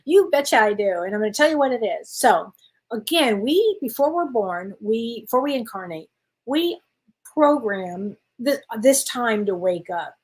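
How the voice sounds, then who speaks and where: A woman's voice: on the high side, lively intonation, measured pace, husky. A woman, a spiritual medium chatting encouragingly with viewers on a live stream. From Wisconsin, USA. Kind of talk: casual live-stream chat reading viewer comments.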